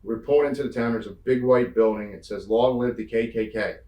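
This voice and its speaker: With a mid-range voice and a fairly quick delivery, a man from the Northeastern United States swaps road stories as an interview guest. He acts out quotes animatedly and swears freely in a casual way. The recording is roomy, made far from the mic.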